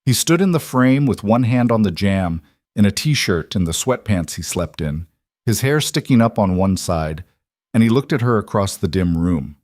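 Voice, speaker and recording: A man narrating a scripted story in a measured, even delivery. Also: on the low side, dry recording, studio quality.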